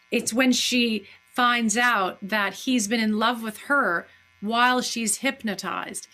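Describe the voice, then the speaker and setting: A woman's voice: medium pitch, sharp tone. A woman, a guest actress, chatting effusively in a live-streamed Q&A, with many fillers.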